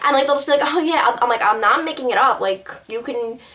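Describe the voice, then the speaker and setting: Talking to camera, a young woman answers tag questions in a bubbly, rambling and giggly way, saying "like" constantly. Her voice is fairly high, fast and sharp-toned.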